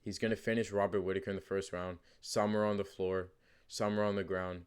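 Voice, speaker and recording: A man with a fairly low voice talks off the cuff, with no script. He circles back on his points, stumbles into fillers and restarts, then presses hard on the same claim again. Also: little pitch movement, fast, clear, resonant tone. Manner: rambling, many fillers and restarts, emphatic repeats. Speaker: channel host giving fight predictions. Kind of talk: casual unscripted commentary.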